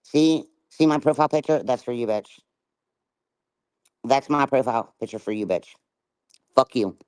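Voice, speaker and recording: A woman's voice: very deep voice, normal speed, darkish tone, smooth. A middle-aged woman rants on her livestream and swears through every line. She taunts and confronts the people she addresses. The sound is dry, with no room echo. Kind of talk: livestream rant.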